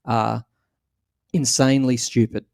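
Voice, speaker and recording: A man hosting a podcast in a casual, playful way, now and then mocking people with squealing high voices. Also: level tone, a little slow, vocal fry, darkish tone, dry recording, studio quality. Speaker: podcast host.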